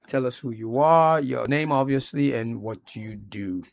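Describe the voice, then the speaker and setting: A man hosting a radio talk show in a studio, speaking in a measured, emphatic way and calling on his guests one by one. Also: mid-range voice, creaky, a little hiss or hum.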